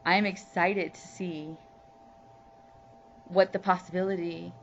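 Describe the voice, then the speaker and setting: A woman's voice: on the low side, steady tone, slow, creaky. A woman from Louisiana talking candidly in a personal video diary, heartfelt and rambling with lots of "you know"s. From Louisiana, USA. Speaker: vlogger. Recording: muffled lo-fi recording with faint hum.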